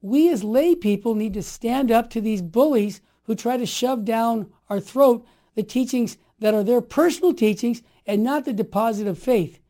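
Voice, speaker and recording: A man in his sixties, a guest telling stories with passion and rising into forceful exhortation. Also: very high voice, normal speed. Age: 60s. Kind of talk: impassioned storytelling.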